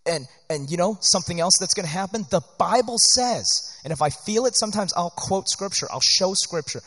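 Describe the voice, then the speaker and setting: Earnest pastor guy, slightly high voice, big echoey church hall, keeps saying right?. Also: brisk, husky. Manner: earnest, animated, conversational with frequent "right?". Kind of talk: sermon-style teaching to church workers. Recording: long hall reverb.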